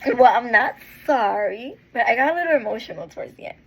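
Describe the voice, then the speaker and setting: A woman giving a heartfelt, encouraging monologue as a vlogger, earnest and tender, with pauses and restarts. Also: fairly high pitch, lively intonation, vocal fry, muffled recording. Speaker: motivational vlogger.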